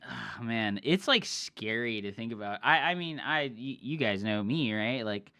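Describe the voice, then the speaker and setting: A male streamer casting a match in a loose, profane, excitable style. His voice is bright and forceful, with a tense edge that cuts through the chatter. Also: lowish voice, unhurried, clear, resonant tone. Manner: swears a lot, loose and excitable. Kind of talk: casual game commentary.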